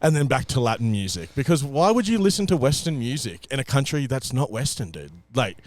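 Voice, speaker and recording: A man's voice: mid-range voice, very animated, a little fast, a little mellow, no echo. Laid-back young man chiming in. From Australia. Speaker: podcast co-host. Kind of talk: casual travel chat.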